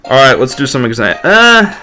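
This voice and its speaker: A man's voice: mid-range voice, animated, moderate pace, sharp tone. A man hosting a game playthrough, reading dialogue aloud with wry, joking commentary. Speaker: let's play host.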